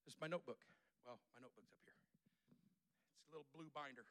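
A man's voice: mid-range voice, quick pace, fairly bright tone. A male pastor preaching a sermon to a congregation in a church, using repetition and call-and-response.

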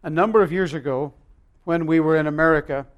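Preaching with emphasis, a male pastor swings from loud to quiet and leaves long pauses while telling stories. The voice sits slightly high, and the audio sounds lo-fi.

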